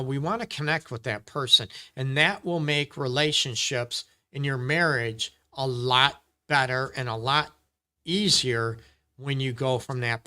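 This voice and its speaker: A man's voice: mid-range voice, sharp tone. A middle-aged man, a relationship counselor, giving earnest, casual advice on a live question-and-answer stream and acting out quoted exchanges between partners. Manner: earnest, repetitive, acts out quoted dialogue.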